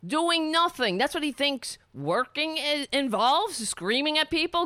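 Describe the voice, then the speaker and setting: A woman's voice: high voice, animated, a little slow, hardly any pauses, pushed and bright, no echo, studio quality. A woman giving an angry, profane commentary on a played clip, sarcastic and mocking. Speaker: political commentator.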